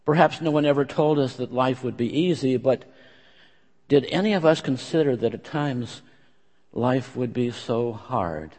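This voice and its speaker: Man, pastor, sermon, slow earnest delivery, fairly high voice, long church reverb. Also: a little mellow. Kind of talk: sermon with scripture reading. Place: church sanctuary.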